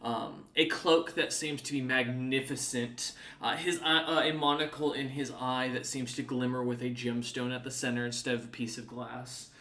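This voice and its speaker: Male game master, bright and rambling in his descriptions, recorded in a reverberant room. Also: medium pitch, steady tone, normal speed, hardly any pauses. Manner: loose, filler-heavy scene description. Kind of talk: narrating a tabletop game.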